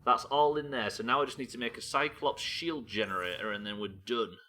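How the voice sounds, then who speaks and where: A man's voice: mid-range voice, brisk, sharp tone. Sweary man streaming a game. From Britain. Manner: sweary, chatty, reading chat aloud. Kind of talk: live gameplay commentary.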